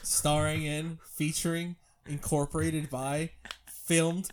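A man in casual chat who spins silly ideas in a deadpan way, often breaking into giggles. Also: a little high, slow pace, slight background noise.

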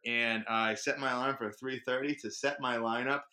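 A man's voice: mid-range voice, fairly even intonation, normal speed, pushed and bright. An American man co-hosting a casual podcast as league commissioner, chatty and laughing. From United States. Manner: laughing, chatty, pushes things along.

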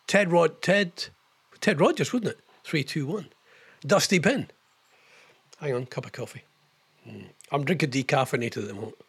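A man's voice: a little high, fairly bright tone, breathy edge. An older man hosting a casual live show, chatting in a rambling way about old television and reading viewer messages. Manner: rambling, chatty, quick impressions and laughs. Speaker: host of a live online radio show.

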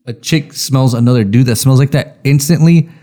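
A man's voice: mid-range voice, normal speed, mellow. A man co-hosting a podcast in casual chat, laid-back and cracking crude jokes. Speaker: podcast co-host.

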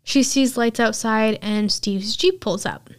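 A woman's voice: a little high, a little slow. A woman podcast host casually retelling a film's plot in chatty storytelling full of filler words.

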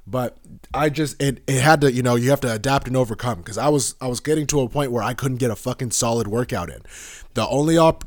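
A young man hosting a podcast, chatting casually in a rambling, profane, animated way and laughing often. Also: on the low side, no echo, clean studio sound. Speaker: podcast host.

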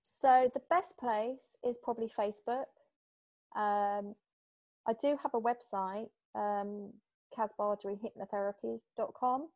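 A woman from Britain, a hypnotherapist guest in an interview, talking in a chatty, lively way and acting out little exchanges. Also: a little high, unhurried, no echo. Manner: chatty, animated, acts out little quoted exchanges. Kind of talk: casual interview talk.

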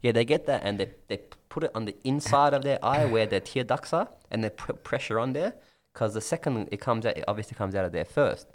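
A man co-hosting a casual podcast, talking quickly and teasing his co-host. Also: medium pitch, expressive. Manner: quick banter, teasing interjections. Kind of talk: casual chat.

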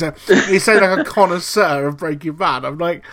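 A man's voice: fairly high pitch, a little fast, fairly bright tone. A man co-hosting a casual podcast chat, telling family anecdotes and mimicking his parents with some swearing. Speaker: podcast co-host.

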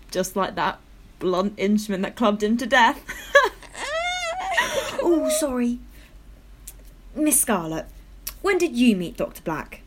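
A woman's voice: fairly high pitch, sing-song, takes it slowly, long pauses. A woman voicing an earnest, prim young detective's assistant in a comedy audio drama. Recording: noisy recording.

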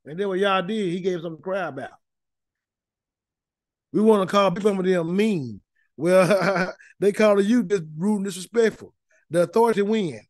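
Male Bible teacher, high voice, dry close sound, folksy and emphatic, repeats himself. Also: moderate pace, no room sound. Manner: folksy, emphatic preaching with many repeated words. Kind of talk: informal Bible study teaching.

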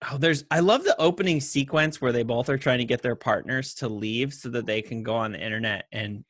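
A man's voice: mid-range voice, a little fast, fairly bright tone, no echo, studio quality. A man co-hosting a casual movie chat who laughs often and mimics voices animatedly. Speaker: podcast co-host.

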